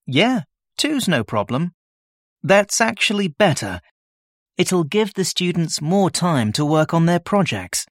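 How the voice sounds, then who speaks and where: A man's voice: a little high, sing-song, a little slow, dry recording, clean studio sound. A man as a workshop tutor in a scripted listening-test dialogue, explaining his plans plainly. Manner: explains plans plainly, answers questions readily.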